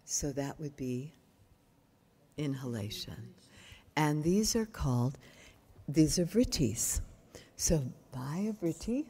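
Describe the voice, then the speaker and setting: An older woman lecturing on yoga breathing in a slow, unhurried voice. Her tone is low, mellow and somewhat husky, and she often asks her listeners questions as she explains. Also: lively intonation. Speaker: yoga teacher. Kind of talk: workshop lecture. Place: retreat workshop room.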